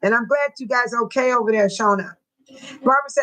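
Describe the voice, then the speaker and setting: An older woman hosting a casual livestream from home, talking straight to her viewers in chat, emotional and quick to bless and pray. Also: on the high side, bright, forceful tone, poor audio. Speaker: livestream host.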